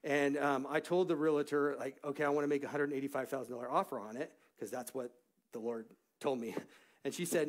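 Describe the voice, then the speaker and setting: A middle-aged man preaching a church sermon, telling personal stories in an animated way that rises into shouts of praise. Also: medium pitch, fairly quick. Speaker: pastor. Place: church sanctuary.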